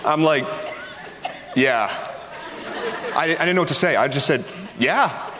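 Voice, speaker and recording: A man's voice: fairly high pitch, racing, a crowd in the background, background noise. A man, a pastor, preaching a sermon and opening with a chatty personal story in which he acts out the voices he quotes. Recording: long hall reverb.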